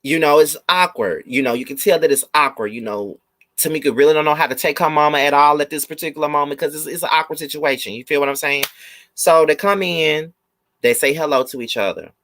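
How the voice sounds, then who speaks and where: A man chatting casually through a live review of a TV episode. He is animated and slips into mocking impressions. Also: on the high side, a little fast, no echo.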